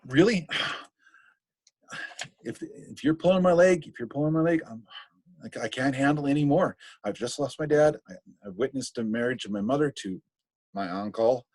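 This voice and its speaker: A teacher putting on a grieving young prince who pitches his voice well up as he fires off repeated questions. He sounds anguished and exasperated, and the sound is dry and close. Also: normal speed, pauses often, darkish tone, no room sound, natural voice. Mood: anxious.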